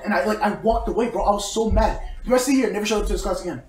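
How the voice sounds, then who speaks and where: A young man casually telling a long, animated story to friends on a podcast, laughing often and acting out the people he quotes. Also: high voice, very fast, hardly any pauses. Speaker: podcast co-host. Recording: roomy echo, mic at a distance.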